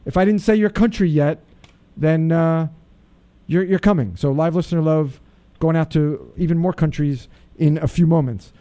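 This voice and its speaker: Radio host guy, joking around and stumbling over his words, mellow and a bit high, dry studio sound. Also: moderate pace, smooth, no room sound. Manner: playful, digressive, stammering restarts. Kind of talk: casual radio talk show chat.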